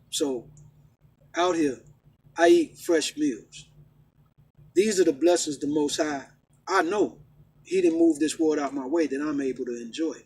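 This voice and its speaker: A middle-aged man ranting and preaching casually, emphatic and repetitive, swinging from loud outbursts to low, stern talk. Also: husky, rough recording. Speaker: vlogger preaching his faith. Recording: faint background noise.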